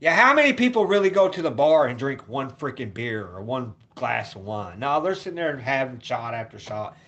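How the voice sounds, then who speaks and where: A man vlogging a rambling, repetitive rant at home, cursing and swinging from loud hollering to low mutters. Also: sing-song, moderate pace.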